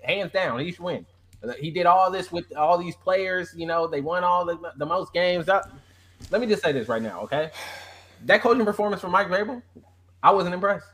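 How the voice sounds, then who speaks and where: A man's voice: high-pitched, moderate pace, a bit bright. A man co-hosting a sports talk show, making his points emphatically and repeating them for stress. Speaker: co-host.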